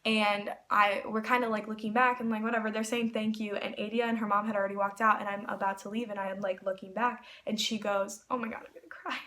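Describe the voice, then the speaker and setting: A woman's voice: medium pitch, level tone, fast, few pauses, bright, forceful tone. A young woman telling a personal story to her camera in a casual, gushing way, full of "like"s. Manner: gushing, filler-heavy with many "like"s. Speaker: vlogger.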